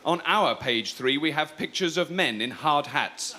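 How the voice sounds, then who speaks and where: A man playing a stiff, formal Soviet comrade who announces things in deadpan style in a live comedy sketch. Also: on the high side, measured pace. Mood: solemn deadpan. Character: pompous Soviet comrade presenting on stage. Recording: noisy live stage.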